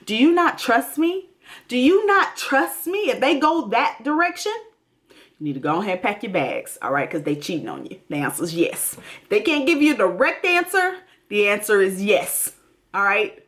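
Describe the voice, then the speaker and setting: A very animated woman with a medium-pitched, fairly bright voice speaks at normal speed. Hosting a TV recap, she delivers casual commentary in a blunt, emphatic way straight to her viewers.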